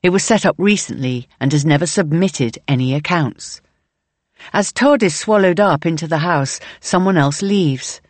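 A woman reading a novel aloud in measured, present-tense audiobook narration. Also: deep voice, dry recording.

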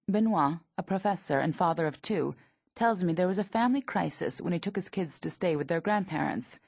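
A woman in her thirties narrating her memoir in a dry, observational manner, with a husky, gravelly voice. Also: lowish voice, expressive, brisk, darkish tone, no echo. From United States.

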